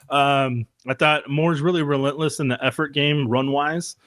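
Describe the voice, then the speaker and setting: A man's voice: medium pitch, fairly even intonation, brisk, few pauses, fairly bright tone, dry recording. Man, casual sports podcast chat, laughs a lot, dry close mic. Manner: chatty, laughs often, loose asides. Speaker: podcast co-host.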